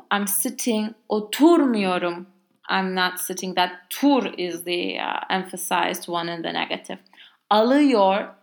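A native Turkish speaker with a Turkish accent, this language teacher explains grammar in a casual lesson. Her voice is on the low side, creaky and fairly bright, and she uses many fillers along with exaggerated example words.

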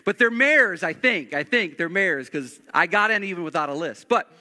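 A middle-aged man preaches in a high, sharp, very bright voice, animated and prone to restarting and repeating his phrases. He jokes his way through a story from the pulpit. His voice hangs in the long reverb of a large church sanctuary. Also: normal speed. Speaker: pastor. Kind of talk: storytelling sermon.

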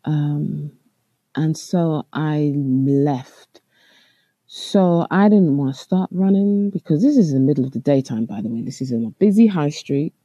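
A voice, deep in dark, mellow tones and full of gravelly fry, recounts a personal story with halting earnestness. The sound is husky and close. The room is dry and dead. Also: no room sound, lo-fi sound. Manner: earnest, halting, with frequent restarts and fillers. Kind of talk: first-person spoken account.

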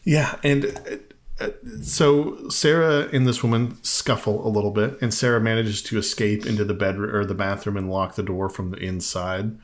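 A man's voice: fairly low pitch, fairly even intonation, normal speed. A man co-hosting a casual podcast, retelling scenes with wry humor and mocking quoted voices. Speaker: podcast co-host. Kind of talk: casual movie review chat.

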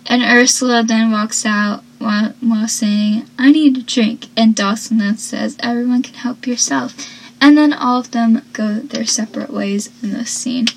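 A young woman with a slightly high voice talks through a TV episode in a loose, rambling way. She fills her sentences with "like" and corrects herself as she goes, in a relaxed recap style. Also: moderate pace, rough recording. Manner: chatty, rambling, with frequent "like" and self-corrections. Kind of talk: casual episode recap and commentary.

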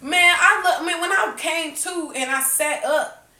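Animated woman telling a story, roomy sound. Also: extremely high pitch, unhurried, recorded from a distance. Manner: animated storytelling, swears freely, acts out voices in quotes. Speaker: podcast host. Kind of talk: casual chat with friends. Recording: roomy, a bit off-mic.

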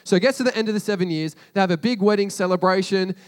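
A man's voice: sits high, rapid-fire, clear, resonant tone. A man casually retelling a story to a group as a sermon, chatty and slangy, with frequent asides to his listeners.

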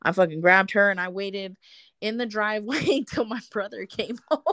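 A woman's voice: medium pitch, moderate pace, fairly bright tone, no room sound, studio quality. A woman in casual conversation, telling a personal story with frequent laughs and free swearing. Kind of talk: casual chat.

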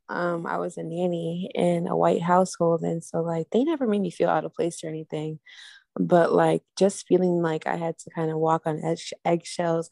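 Young woman with a low, gravelly voice. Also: darkish tone, no echo, studio quality. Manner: easygoing, rambling with many fillers. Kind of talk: casual conversation.

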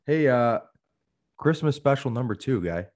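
A man's voice: mid-range voice, animated, normal speed, darkish tone. A man co-hosting a podcast in casual chat, rambling with many fillers and acting out the voices he quotes. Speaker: podcast co-host.

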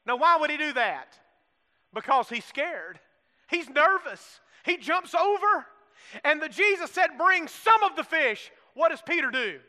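Guy preaching in a church, folksy jokes, gets the crowd to repeat stuff, super bright sharp voice. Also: very high voice, very animated, a little slow. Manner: preaching with call-and-response prompts; folksy humor, acts out the disciples' lines. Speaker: pastor. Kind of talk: sermon. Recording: long hall reverb.

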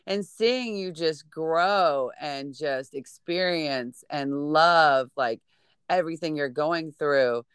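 A woman in casual conversation, gushing and encouraging as she talks. Her voice is smooth and clear, recorded dry and close to the mic with no room sound. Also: low voice, takes it slowly, no room sound. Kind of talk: casual chat.

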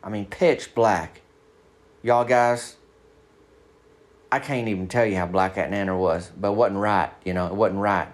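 A man telling a long comic story in a folksy, deadpan way, sometimes slowing down to spell things out. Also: fairly low pitch.

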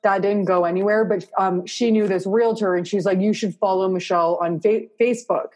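A woman's voice: mid-range voice, steady tone, fairly quick, darkish tone. A woman with a Canadian accent, an interior designer talking casually and at length in an interview, with many fillers. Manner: chatty, rambling, lots of fillers.

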